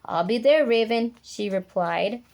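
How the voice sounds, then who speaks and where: A woman's voice: on the high side, lively intonation, a little slow, a little mellow. A woman reading a rhyming picture book aloud in a sing-song, playful way. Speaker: storybook reader.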